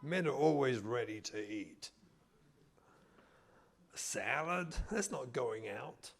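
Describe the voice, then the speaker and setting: A man's voice: mid-range voice, lively intonation, slow pace, voice pushed down. A man voicing a stubborn young husband who brushes off his wife's wishes. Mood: breezy. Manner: breezy, then puzzled and defensive.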